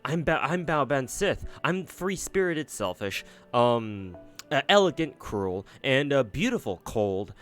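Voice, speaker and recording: A man's voice: medium pitch, sing-song, unhurried, a bit bright, soft background music. A man voicing a spoiled, cruel young fairy princess who is insecure and pleading, reading aloud from a game.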